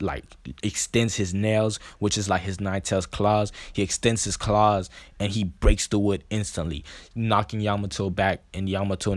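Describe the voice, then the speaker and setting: Brief: low, dry-voiced man narrating his fan story casually, stumbling with restarts. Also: dry recording. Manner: halting, filler-heavy, many restarts. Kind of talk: casual fan-fiction retelling.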